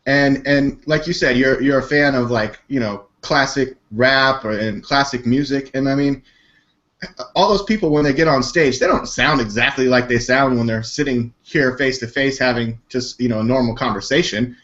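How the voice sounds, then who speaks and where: A man co-hosting a talk show, speaking haltingly and repeating words as he thinks aloud. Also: mid-range voice, a bit bright. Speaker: show co-host. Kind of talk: casual talk-show chat. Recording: dull lo-fi sound.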